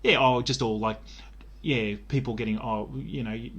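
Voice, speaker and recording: A man's voice: medium pitch, fairly even intonation, normal speed, fairly bright tone, slightly rough. Man, podcast co-host, rambling, wry, casual talk. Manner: rambling, sardonic, sweary. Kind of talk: casual chat.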